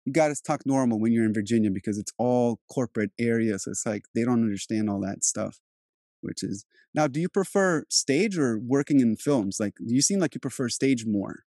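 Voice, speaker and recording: An actor and host raised in Europe, whose first language is Turkish, talks in a loose, rambling, casual conversation full of restarts. His mid-range voice has a dark tone and is animated and brisk. The studio-quality recording has no room sound.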